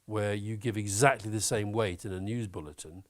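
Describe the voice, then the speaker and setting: A man talking as an interview guest, opinionated and animated, swearing now and then. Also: fairly low pitch, normal speed. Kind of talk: conversational interview.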